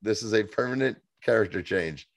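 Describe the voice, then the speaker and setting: A man co-hosting a casual podcast recap, animated and profane, reading out viewer reviews and acting out scenes. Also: fairly low pitch, a little fast, gravelly, no room sound. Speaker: podcast co-host.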